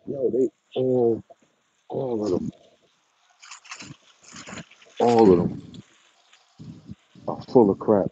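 A man's voice: fairly low pitch, slow, warm tone, husky. A man who breeds dogs, ranting at his viewers in a taunting, repetitive, mocking way with chuckles. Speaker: dog breeder. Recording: dull lo-fi recording.

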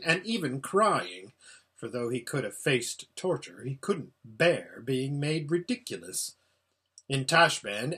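Lively, husky man reading a storybook. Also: on the high side. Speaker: audiobook reader. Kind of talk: storybook read-aloud narration.

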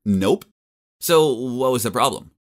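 A man telling a first-person animated story in an expressive, jokey, self-deprecating way. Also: mid-range voice, a little slow. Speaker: narrator.

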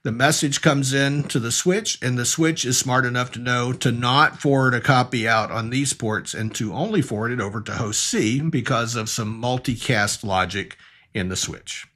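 Male instructor, husky, mid-pitched, steady explanatory delivery for a technical course. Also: normal speed. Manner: explanatory, talks through diagrams step by step. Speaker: networking instructor. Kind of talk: recorded technical lesson.

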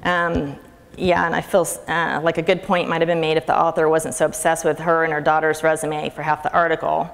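Casting: middle-aged woman, low gravelly voice, snarky and chatty, speaking in a reverberant hall. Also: level tone, a little fast. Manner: chatty, sarcastic, laughs often. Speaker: conference speaker. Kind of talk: conference talk. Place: lecture hall. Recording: reverberant hall with faint ambient noise.

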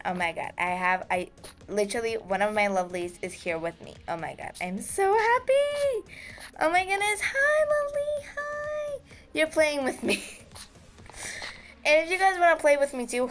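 A woman giving casual, excitable gameplay commentary as host of her gaming channel, giggling and squealing with delight. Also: medium pitch.

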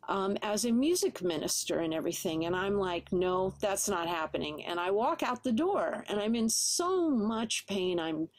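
A woman's voice: mid-range voice, no echo. A middle-aged woman sharing a personal testimony at church, conversational and full of "you know" fillers. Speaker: church speaker.

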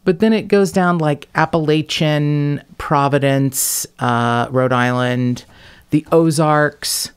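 A woman with a flat Midwestern accent hosting a podcast, chatting casually, blunt and sarcastic with frequent swearing. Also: deep voice, slow, clear, resonant tone. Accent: Midwest General American. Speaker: podcast host.

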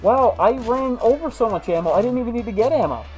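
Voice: mid-range voice, expressive, fast talker, darkish tone, rough recording. Rambling gaming commentator over faint music. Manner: chatty, rambling storyteller with many restarts. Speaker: gaming video host. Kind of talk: casual let's-play commentary.

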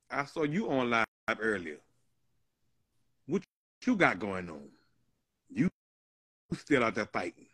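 A laid-back man hosts a live stream and hums along as others talk. His voice is a little husky and sits fairly high, rising and falling a lot. The sound is dry and close. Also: fairly bright tone, dry recording. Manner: laid-back, murmuring agreement. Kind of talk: casual live stream chat.

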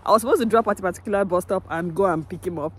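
A woman in her 30s films a vlog on her phone outdoors in winter, among streets and snow. Her mid-range voice comes rapid-fire as she chats casually with viewers and laughs often.

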